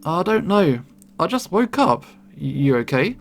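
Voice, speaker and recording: A man voicing a scared, jittery young male beast-man who stammers in panic, with soft music behind. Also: a little high, sing-song, a little slow, vocal fry, voice pushed up, full character voice. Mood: panicky.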